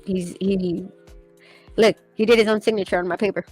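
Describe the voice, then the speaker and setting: A woman's voice: medium pitch, fairly even intonation, normal speed, darkish tone, no room sound, faint music behind, poor audio. A young woman streaming while she sketches, chatting casually, rambling and laughing, swearing now and then.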